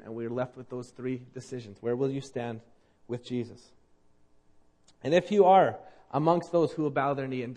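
A man preaching a sermon, moving between loud emphatic declarations and quiet earnest appeals to the congregation. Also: mid-range voice. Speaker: pastor.

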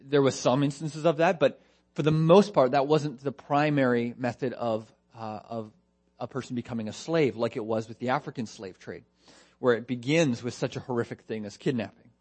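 A man's voice: mid-range voice, moderate pace, a little mellow. Male pastor preaching a verse-by-verse sermon, earnest and teaching, leans on rhetorical questions. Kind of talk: expository sermon.

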